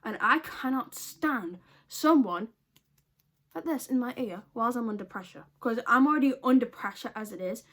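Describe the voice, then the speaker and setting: A woman's voice: on the high side, animated, moderate pace, fairly bright tone. Exasperated young woman. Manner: profane, exasperated storytelling. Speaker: vlogger. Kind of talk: casual storytime.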